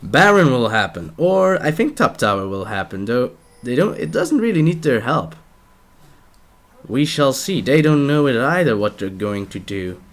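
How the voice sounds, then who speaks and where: A man's voice: medium pitch, big pitch swings, moderate pace. Playful young male esports caster. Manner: playful, jokey asides, trails off mid-sentence. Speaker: game caster. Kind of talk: live esports play-by-play commentary.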